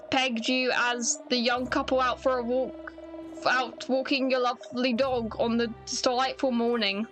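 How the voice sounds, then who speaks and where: A woman's voice: on the high side, pushed and bright, low-quality recording. A woman voicing a chatty male reporter, attempting a British accent and stumbling through the lines as she reads them aloud. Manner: stumbling read-aloud delivery.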